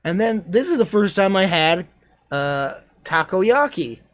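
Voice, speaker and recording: A man streaming casual commentary over his old travel videos, rambling and self-deprecating, quick to exclaim. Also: high-pitched, very animated, no echo.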